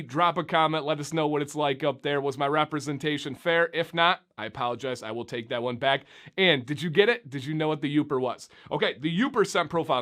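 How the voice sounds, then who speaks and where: Chatty man reviewing beard oils. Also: on the high side. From Michigan, USA. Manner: animated, chatty, talks straight to viewers. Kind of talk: casual product review vlog.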